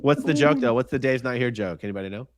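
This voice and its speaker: A man's voice: mid-range voice, fast talker, no echo. A man hosting a live-stream panel chat, reading viewer comments aloud and pressing guests with pointed questions. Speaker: host.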